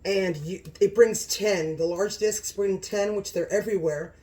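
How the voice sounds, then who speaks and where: Excitable woman hosting a cooking vlog. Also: mid-range voice, unhurried. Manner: gushing, excitable, repeats exclamations. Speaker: cooking channel host.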